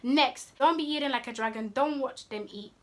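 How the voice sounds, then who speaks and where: A woman's voice: high-pitched, normal speed. Sassy young woman vlogger. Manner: sassy, scolding, playful. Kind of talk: casual advice vlog.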